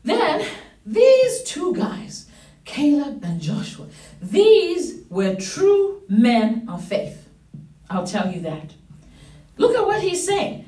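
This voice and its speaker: A woman pastor preaching a sermon, growing excited and breaking into shouts and laughter. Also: high voice, slow. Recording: roomy church hall, voice from far off.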